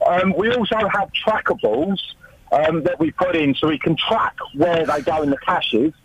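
A man's voice: fairly high pitch, normal speed, over a noisy crowd. A man calling into a radio show, eagerly describing his hobby. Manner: eager, enthusiastic. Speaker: caller, hobbyist. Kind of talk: enthusiastic phone-in call. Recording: muffled phone line.

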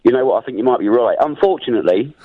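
A man's voice: medium pitch, expressive, racing, husky, no room sound. A male caller on a radio phone-in who speaks in stiff, formal, wordy phrases. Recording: dull phone-line sound.

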